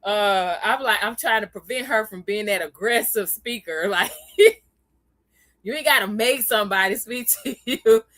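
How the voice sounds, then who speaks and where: A woman's voice: mid-range voice, moderate pace, fairly bright tone, dry recording. A woman hosting a casual livestream, chatting with viewers, greeting them by name and laughing often. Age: adult, parent of a young child. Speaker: livestream host.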